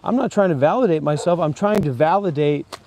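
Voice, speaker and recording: Standing in a graveyard, a man who used to be a Buddhist monk talks to the camera fairly quickly in a higher voice, with crowd noise around him. His talk rambles and preaches, full of repeated phrases.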